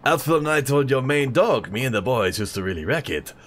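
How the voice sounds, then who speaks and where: A man's voice: mid-range voice, animated, brisk, a little hiss or hum, pitched above the performer's own voice, natural voice. A man voicing an older male street brawler mentor with a put-on French accent, talking in a grandiose, lecturing way.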